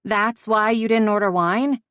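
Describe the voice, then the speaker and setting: A woman's voice: medium pitch, steady tone, unhurried, a bit bright, smooth, no room sound, clean studio sound, voice pushed up, natural voice. A woman voicing a blunt, caring young female best friend in an audiobook, with a brash, forthright manner. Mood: shocked. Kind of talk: audiobook dialogue.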